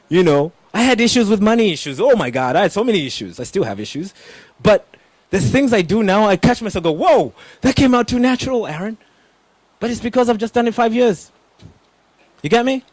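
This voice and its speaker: A young man speaking as a motivational coach, his voice sitting fairly high for a man. He talks with lots of energy and punchy emphasis, throwing questions straight at the crowd. The sound is dry and close, with little room around it. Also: no echo. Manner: energetic, emphatic, addresses audience directly. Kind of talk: motivational talk.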